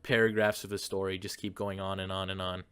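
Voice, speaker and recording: A man's voice: sits low, flat delivery, brisk, fairly bright tone, clear, resonant tone, dry recording. A man hosting, goofily rambling through an improvised comedy story with a friend. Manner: goofy, rambling, lots of fillers. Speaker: host.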